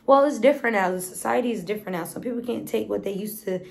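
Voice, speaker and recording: A woman's voice: mid-range voice, fast talker, creaky, breathy edge. A woman in her twenties with an American accent, telling stories in a casual, blunt vlog and swearing freely. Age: 20s. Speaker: vlogger.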